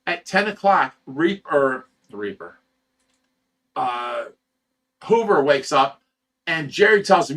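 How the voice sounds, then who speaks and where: A man's voice: on the high side, big pitch swings, slow pace, long pauses, a bit bright. A man who runs a fish rescue, telling a story on a livestream in a heated, profane way and stammering over repeated words. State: sleep-deprived.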